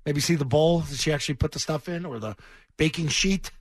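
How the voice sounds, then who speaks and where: A man's voice: on the high side, fairly quick, no echo. Rambling jokey male radio co-host. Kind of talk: casual sports radio banter.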